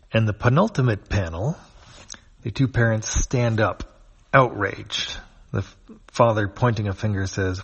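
A man reading a comic strip aloud, describing each panel in an unhurried way. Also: lowish voice, husky. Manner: unhurried, with frequent fillers and restarts.

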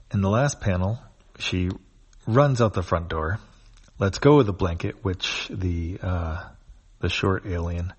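A man reading a comic strip aloud, describing each panel in an unhurried way. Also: sits low. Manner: unhurried, with frequent fillers and restarts.

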